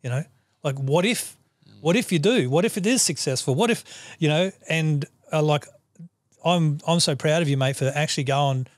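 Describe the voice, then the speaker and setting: An Australian man hosts a podcast in a warm, encouraging tone. His pitch sits a little above average, and he keeps up steady short agreements. The recording is dry and close. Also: moderate pace, no echo. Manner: encouraging, backchannels often with short yeahs. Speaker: podcast host. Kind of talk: casual conversational interview.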